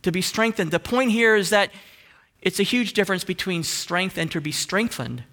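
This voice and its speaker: Bright-toned preaching man. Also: sits high, expressive, normal speed. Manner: earnest preaching with rising emphatic questions and soft hushed asides. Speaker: pastor. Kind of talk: sermon.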